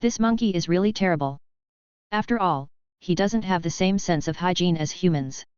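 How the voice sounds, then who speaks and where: A woman's voice: on the low side, moderate pace, a little mellow, clear, resonant tone, dry recording, natural voice. A woman voicing a clever, sly young boy wizard who speaks politely and innocently. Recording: dull, lo-fi, dry.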